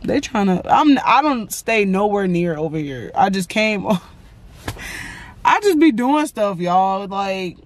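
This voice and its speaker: A woman's voice: mid-range voice, big pitch swings, slow pace. A woman vlogging casually about her day on a phone held at arm's length, chatty and rambling, often exasperated. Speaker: vlogger and lash technician. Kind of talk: casual selfie vlog.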